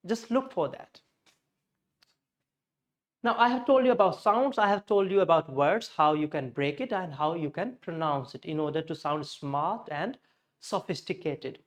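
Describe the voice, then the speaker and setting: A man's voice: a little high, moderate pace. A man giving a spoken lesson as an English pronunciation teacher, explaining things methodically, step by step.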